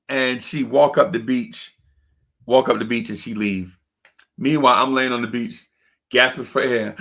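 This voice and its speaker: A young man hosting a fan livestream show and telling a long, animated story, jumping into high voices to act out the other people in it. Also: moderate pace, vocal fry. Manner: acts out other people's voices in his stories, high-pitched and excitable. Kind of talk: animated storytelling and casual chat.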